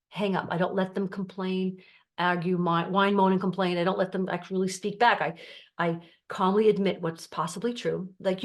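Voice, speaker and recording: A middle-aged woman coaching her viewers in a calm, explanatory way, acting out the voices of the family members she quotes. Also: mid-range voice, a little fast. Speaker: life coach. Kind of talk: teaching to camera.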